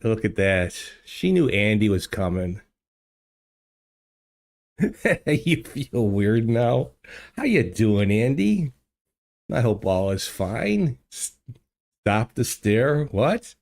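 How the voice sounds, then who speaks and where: A man's voice: on the low side, sing-song, slow pace, creaky, long pauses, a little mellow. An older man hosting a casual livestream from his home studio, rambling and chatting with viewers through many fillers and restarts. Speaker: livestream host. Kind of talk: casual chat with live chat viewers. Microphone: desk microphone.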